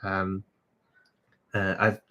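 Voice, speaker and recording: Low-voiced man chatting on a livestream. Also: completely flat delivery, drawn-out words, bright, forceful tone, slight background noise. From South Africa. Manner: chatty, greets viewers and answers their comments off the cuff. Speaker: creative director hosting a livestream. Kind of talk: casual livestream chat.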